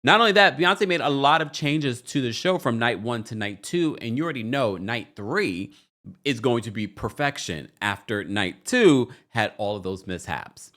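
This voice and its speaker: A man's voice: mid-range voice, lively intonation, normal speed, a bit bright. A man hosting a pop culture news channel, talking through entertainment stories with emphatic commentary.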